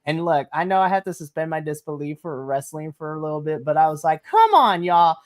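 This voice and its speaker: An animated woman recapping a wrestling show for a podcast, with a slightly low voice. She laughs often and slips into acted quotes of the characters as she talks. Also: fast. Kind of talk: casual recap chat.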